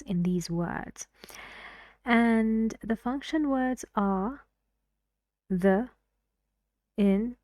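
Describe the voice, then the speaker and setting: Slow, mellow-voiced woman teaching pronunciation. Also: mid-range voice, no echo, studio quality. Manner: patient, drills words aloud, repeats for emphasis. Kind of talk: language lesson.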